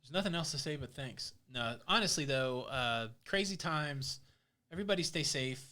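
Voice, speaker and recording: Lively joking man on a live stream. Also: fairly high pitch, normal speed. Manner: joking, teasing, reads viewer comments aloud. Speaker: cruise vlogger hosting a live stream. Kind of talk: casual live-stream chat.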